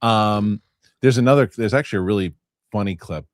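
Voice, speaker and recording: A man hosting a casual chat show, reading viewer comments aloud in a lively, swearing, quick-talking way. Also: on the low side, no room sound. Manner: animated, swearing, quick asides. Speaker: show host.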